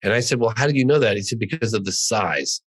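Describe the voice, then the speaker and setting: A man's voice: on the low side, lively intonation, fast, poor audio. A middle-aged man from the United States, a podcast guest telling a long story in an earnest, emphatic way and insisting it is all true. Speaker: guest, documentary filmmaker. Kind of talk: animated storytelling.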